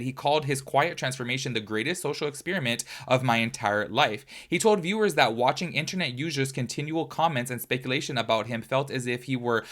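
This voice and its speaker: Chatty, exclaiming man in casual commentary. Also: mid-range voice. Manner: chatty and expressive, often exclaiming, with frequent fillers. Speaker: commentary YouTuber. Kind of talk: casual reaction commentary, reading an article aloud.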